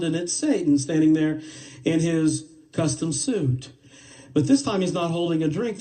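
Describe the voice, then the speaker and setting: A man telling a parable live, animated and playful, with asides to his listeners. His voice is mellow and fairly high. He stands well back from the mic. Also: distant mic, poor audio. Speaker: storyteller.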